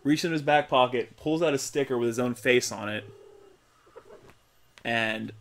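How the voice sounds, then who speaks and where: A young man, co-hosting a gaming video, chatting in a laid-back, halting way while he plays. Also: medium pitch, fairly bright tone. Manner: laid-back, halting, full of fillers and restarts. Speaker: gaming co-host. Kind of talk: casual chat while playing a horror game.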